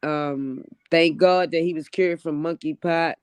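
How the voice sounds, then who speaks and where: A woman comedian from Baltimore, chatting casually on a podcast, laid-back with frequent pauses. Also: low voice, steady tone, darkish tone, clean tone, no echo. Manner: laid-back, hesitant with fillers. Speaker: comedian guest.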